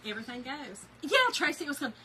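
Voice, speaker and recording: A woman's voice: high-pitched, heavy background noise. A woman, chatting and laughing as she tells a story to her viewers while working on a craft project. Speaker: craft video host.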